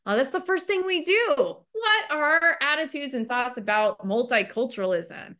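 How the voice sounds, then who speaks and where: A woman's voice: high-pitched, animated, moderate pace, sharp tone. A woman mental health counselor giving a training webinar in a loose, conversational way, with lots of "like" and "you know" fillers.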